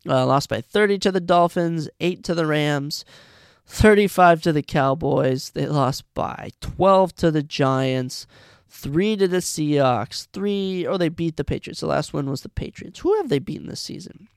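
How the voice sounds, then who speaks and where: A gravelly, slightly high-voiced man hosts a casual solo podcast, talking his way through his picks. He thinks aloud, breaks off mid-sentence and corrects himself. The sound is dry and close. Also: unhurried, dry recording. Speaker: podcast host.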